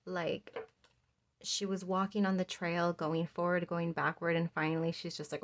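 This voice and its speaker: A young woman with a slightly low voice reads tarot cards for her viewers. She talks in a gentle, reassuring way and rambles, with lots of fillers. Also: flat delivery, moderate pace. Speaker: tarot reader. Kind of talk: pick-a-card tarot reading.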